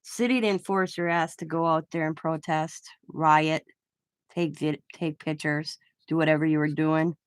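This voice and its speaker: A woman's voice: low-pitched, fairly even intonation, unhurried, smooth, no echo. A woman hosting a craft channel, chatting casually in a blunt, opinionated way and swearing freely. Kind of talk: casual chat while crafting.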